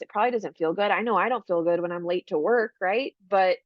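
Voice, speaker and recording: A woman presenting an online parenting workshop, talking casually and leaning on fillers like "right?" and "like". Her voice is mid-pitched and sits close and dry, with a slightly muffled, dull video-call sound. She slips into a brighter, upbeat tone when she acts out what a parent might say. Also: fast talker, few pauses, dry recording.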